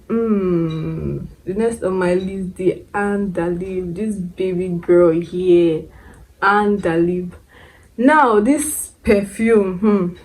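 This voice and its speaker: A young Nigerian woman talking casually to camera in an expressive way, repeating words for emphasis and laughing often. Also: medium pitch, rough recording. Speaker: beauty vlogger.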